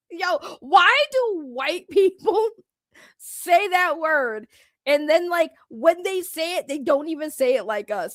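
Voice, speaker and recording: A woman giving casual reaction commentary, animated and blunt, laughing often with slangy talk. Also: high-pitched, dry recording, clean studio sound. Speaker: reaction streamer.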